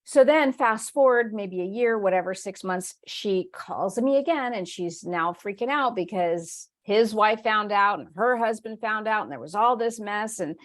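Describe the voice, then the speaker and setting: A woman's voice: mid-range voice, lively intonation, normal speed, hardly any pauses. Chatty woman teaching a spiritual workshop. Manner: warm, chatty storytelling with frequent laughs; acts out her own inner voice in quoted asides. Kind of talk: live online workshop talk.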